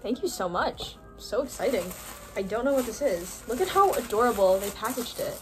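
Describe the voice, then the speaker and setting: Gushing excitable young woman vlogger. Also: fairly high pitch, moderate pace, soft background music. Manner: gushing, excitable, gasping with delight. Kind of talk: unboxing haul vlog.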